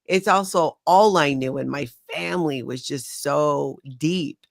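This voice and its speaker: A woman hosting an interview in a relaxed, personal way, sharing her own past alongside her guest's. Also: deep voice, measured pace, creaky, no echo, clean studio sound. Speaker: host. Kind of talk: conversational interview.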